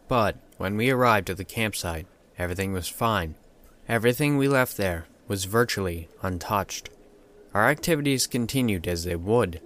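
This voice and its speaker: A man narrating a first-person horror story in a steady, measured way. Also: on the low side.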